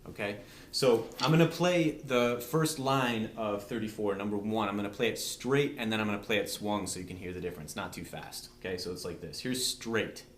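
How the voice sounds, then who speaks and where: A man's voice: fairly low pitch, a little hiss or hum. A man teaching drums step by step in a patient, conversational way, often checking in with "okay?". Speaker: drum teacher. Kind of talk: step-by-step instructional demonstration. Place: room with a drum set. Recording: echoey room.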